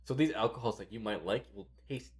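A man's voice: lowish voice, a little fast. A man hosting a casual podcast chat, telling rambling stories and laughing often.

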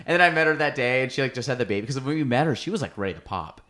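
A woman's voice: rumbling low, racing. A woman hosting a podcast, telling a story in casual chat and acting out what people said. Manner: animated storyteller acting out quotes. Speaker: podcast host.

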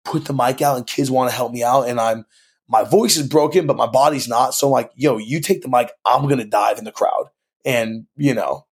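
A young Californian man, a band singer guesting on a podcast, talks fairly quickly in a medium-pitched voice with a breathy edge. The conversation is casual, and he's laid-back and slangy, saying "dude" and "like" constantly.

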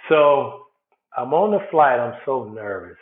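A man's voice: mid-range voice, measured pace. A man from Chicago, a former baseball player, telling his story as an interview guest and acting out the people in it. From South Side of Chicago. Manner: animated storyteller, acts out quotes. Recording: echoey, phone-like sound.

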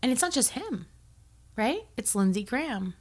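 A woman's voice: fairly high pitch, very animated, normal speed. A woman in heated, profane political chat, slipping into mocking impressions of angry men.

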